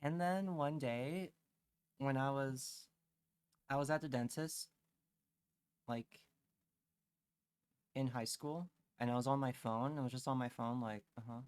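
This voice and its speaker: A man's voice: medium pitch, slow, pauses often, smooth, no echo. A man streaming a comic rant, rambling with many fillers and repeated phrases.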